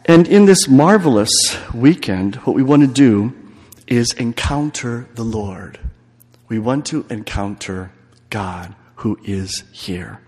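Male priest, retreat homily, storytelling with repetition, mid-pitched voice, long church reverb. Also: a little slow, darkish tone.

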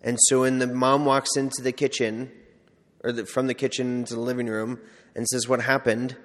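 A man preaches in a relaxed, chatty way, acting out small everyday scenes as he teaches. His voice sits at an ordinary middle pitch. It carries a long reverb, as if heard in a large church hall. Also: a little fast. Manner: conversational, acts out little scenes. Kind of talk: informal sermon with storytelling.

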